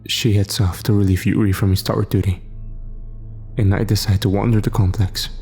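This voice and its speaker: A man narrating a horror story in measured first-person storytelling. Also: lowish voice, warm tone.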